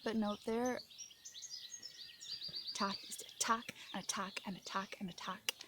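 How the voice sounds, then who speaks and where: A woman's voice: mid-range voice, fairly even intonation, unhurried, heavy background noise. An Irish woman vlogging while shaken and upset, talking indignantly and rambling, sometimes dropping into a whisper. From Ireland. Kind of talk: emotional venting to camera. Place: outdoors in rural France. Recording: outdoor recording with birdsong behind.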